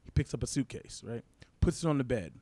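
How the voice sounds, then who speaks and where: A man's voice: medium pitch, animated, dark tone. A young man doing a crude stand-up comedy routine, telling a story and tossing "right?" to the crowd. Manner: fast, crude storytelling with frequent "right?" asides.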